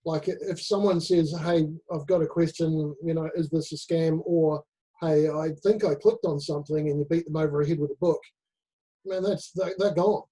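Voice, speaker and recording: A man's voice: a little high, steady tone, normal speed, dark tone, breathy edge, low-quality recording. A man, a security trainer speaking as a guest in a casual, friendly webinar chat. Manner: friendly, laughs easily.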